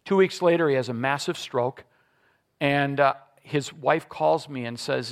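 A middle-aged man preaching a sermon to his church congregation, telling a personal story with lively acted-out voices and leading a prayer. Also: mid-range voice, a little slow. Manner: animated storytelling, acting out quoted voices. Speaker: pastor. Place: church service before a congregation.

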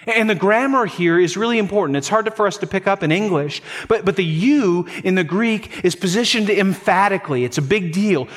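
A man's voice: sits high, animated, fairly quick, hardly any pauses. A middle-aged man from North Dakota preaching a sermon as pastor, emphatic and prone to repeating words for stress.

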